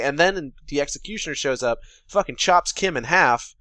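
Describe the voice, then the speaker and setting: A man's voice: on the high side, expressive, normal speed, hardly any pauses, sharp tone, no room sound. A man co-hosting a podcast, casually and sarcastically recapping a film's plot with lots of swearing and mock quotes. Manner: sarcastic, profane, paraphrases characters in quotes. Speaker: podcast co-host.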